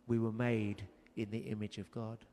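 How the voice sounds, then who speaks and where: A man's voice: on the low side, flat delivery, moderate pace, mellow. A man preaching a sermon, telling a story earnestly and raising his voice for emphasis. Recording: long hall reverb.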